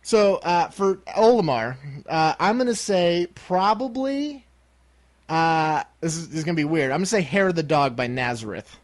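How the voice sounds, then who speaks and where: A young man with a high voice co-hosts a casual podcast, his pitch leaping around as he jokes and teases. The sound is dry and close, with no room around it. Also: animated, normal speed, dry recording. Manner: joking, playful, throat-clearing. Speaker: podcast co-host.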